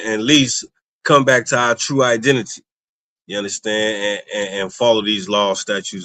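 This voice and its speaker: A man's voice: on the low side, sharp tone, no echo. A man co-hosting a casual religious discussion, rambling and often checking in with his listener. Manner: rambling, keeps asking "you understand me". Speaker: co-host.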